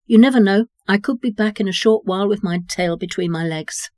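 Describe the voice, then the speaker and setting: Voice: medium pitch, a little fast, darkish tone, no room sound, clean studio sound, natural voice. A reader voicing a polite, hopeful young man in an audiobook story. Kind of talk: audiobook reading.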